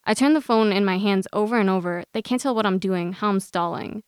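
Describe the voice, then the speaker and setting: A young woman reading her personal essay aloud in an earnest, steady way, then talking casually about it as a guest. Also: mid-range voice, brisk, clear, resonant tone, dry recording, studio quality. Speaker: guest author.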